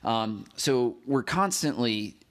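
A man's voice: medium pitch, expressive, takes it slowly. Casual rambling male podcast host. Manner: rambling, many fillers and restarts, addresses listener as "you". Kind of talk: casual devotional podcast talk.

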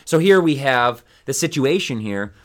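A man's voice: mid-range voice, animated, a little slow. A man hosting a Bible study podcast, teaching in a casual, rambling way with many fillers and restarts.

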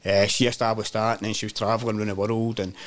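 A Glaswegian man telling stories as a podcast guest, animated and full of swearing, acting out other people's voices. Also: fairly low pitch, fast. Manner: animated storytelling, heavy swearing, acts out voices. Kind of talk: casual chat.

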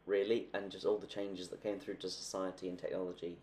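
Low-voiced man chatting about books. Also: flat delivery, brisk, a little mellow, slight background noise. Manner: chatty, acts out quoted characters. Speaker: podcast co-host. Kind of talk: casual book chat.

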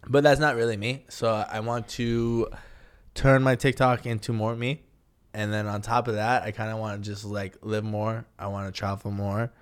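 A man's voice: on the low side, level tone, moderate pace, smooth. A young man talking as a podcast guest in a casual, laid-back way, swearing freely and laughing at himself. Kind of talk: casual chat.

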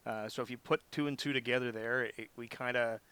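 A man talking casually as a podcast guest, an animated storyteller who laughs often. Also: medium pitch, fairly quick, smooth. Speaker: podcast guest, tabletop channel co-host. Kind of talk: casual chat.

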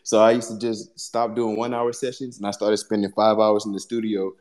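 A man, a guest musician, talking casually about his music in a reflective, halting way. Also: on the low side, level tone, darkish tone. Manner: reflective, halting, searching for words. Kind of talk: casual conversation.

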